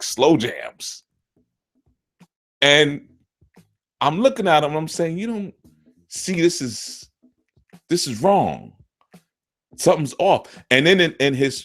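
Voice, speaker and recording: A middle-aged man, a spiritual teacher, talking casually and telling stories, often jumping high into quoted voices. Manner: animated, jumps into quoted voices with big pitch swings. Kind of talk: casual storytelling talk.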